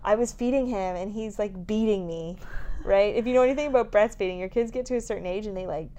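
A woman in her thirties shares an exhausting story in casual podcast chat. She laughs through it, swears freely and acts out her own quotes with big pitch jumps. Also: quick pace, mellow.

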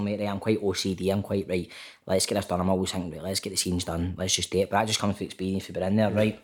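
A Scottish man, an actor and podcast guest, telling lively stories in a casual chat, swearing freely and calling the host mate. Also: low voice. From Scotland. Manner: chatty storyteller, keeps saying mate, swears freely. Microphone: remote call.

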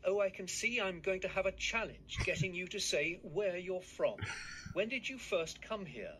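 A man plays a politely insistent older woman of high society, quoted in a news report. The voice sits high and moves around a lot. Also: expressive, moderate pace, noisy background. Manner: politely insistent, repeated questioning. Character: older upper-class British woman, persistent questioner.

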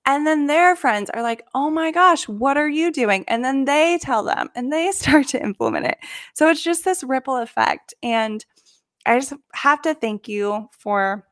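A young woman who works as a coach, talking in a gentle, earnest and reflective vlog monologue, emotional at times. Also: high voice, animated, unhurried, dry recording, studio quality.

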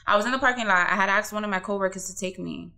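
A young woman telling a story in casual podcast chat, animated and full of swearing and fillers. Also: mid-range voice, very fast, vocal fry. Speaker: podcast co-host.

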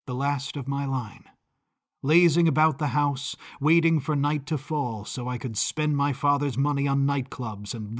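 A man narrating an audio drama in the first person, brooding and confessional. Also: mid-range voice.

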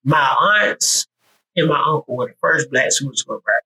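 A man from the American South talking casually on a podcast, telling stories in an animated way with frequent restarts and some swearing. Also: medium pitch, fairly quick, a little hiss or hum, poor audio. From US South, Georgia. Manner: animated storytelling with repeated restarts; profane, conversational.

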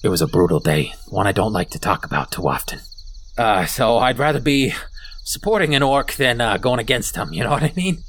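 A man's voice: lowish voice, animated, brisk, fairly bright tone, a little hiss or hum, voice pushed down. A man voicing a weary, downtrodden male kobold leader in a tabletop game, rambling and hesitant.

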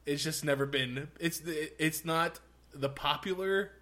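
A man with a slightly high voice lays out his view on a podcast, measured and a bit hesitant. He restarts his sentences but keeps a calm, reasoning tone throughout. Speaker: podcast co-host. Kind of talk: casual podcast chat.

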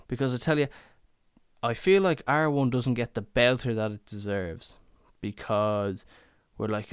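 A man's voice: medium pitch, measured pace, clean tone, no room sound, studio quality. A young Irish man hosting a podcast, rambling and swearing through a tipsy, chatty monologue. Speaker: podcast host.

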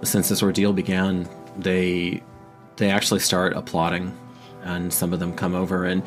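Deep-voiced man narrating as game master. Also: monotone, normal speed, soft background music.

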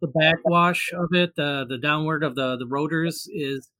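A man with a fairly high, bright voice tells a long personal story in easy conversation. He rambles, backtracks and fills pauses with "um" and "you know", slipping into the voices of the people he quotes. The sound is dry and close, with no room around it. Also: no room sound. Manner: rambling, many fillers and restarts. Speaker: guest storyteller. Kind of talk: casual anecdote.

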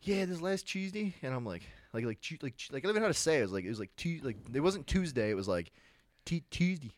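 A man's voice: mid-range voice, sing-song, very fast. A young man with a Philadelphia-area accent, telling stories animatedly in casual chat, laughing often and full of fillers.

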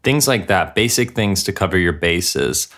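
A man hosting a comedic mock radio show, rambling deadpan with lots of filler words. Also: sits low, moderate pace.

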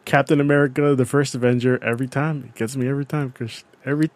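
Young male co-host, animated and sweary, dead-dry sound. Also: medium pitch, quick pace, dry recording. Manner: excitable, swears, defends his picks. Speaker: podcast co-host. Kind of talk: casual chat. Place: lives in New York.

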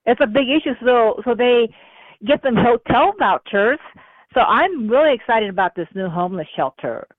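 A woman from New Mexico calling into a talk show, talking in an excitable, scattered way. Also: a little high, moderate pace, dry recording. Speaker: caller. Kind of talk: phone-in call. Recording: phone line.

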